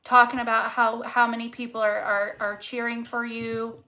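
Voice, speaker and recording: A woman's voice: fairly high pitch, level tone, moderate pace, pushed and bright, rough recording. A woman reading tarot cards casually to camera, fervent and encouraging, swearing freely and repeating words for emphasis. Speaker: tarot reader.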